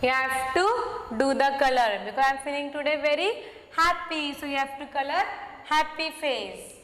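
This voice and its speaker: High-voiced woman, slow kindergarten teacher, echoey roomy recording with long reverb. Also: steady tone, a bit bright. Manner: slow, coaxing, repeats simple words. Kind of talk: worksheet lesson for young children. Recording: echoey room.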